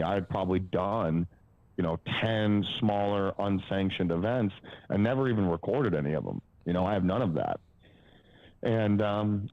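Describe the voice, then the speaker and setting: A man in his twenties, a powerlifting coach appearing on a podcast, rambles through casual stories packed with fillers and the occasional swear word. His voice sits low. The recording is dry, with the high frequencies cut off.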